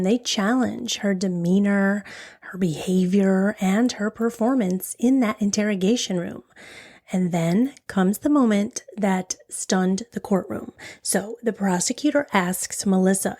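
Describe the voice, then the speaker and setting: A woman hosting a true crime podcast, narrating a case in a dramatic way, dropping into whispers and slowing down on key phrases. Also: medium pitch, darkish tone. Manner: dramatic, drops to a whisper for emphasis; slows right down on key phrases.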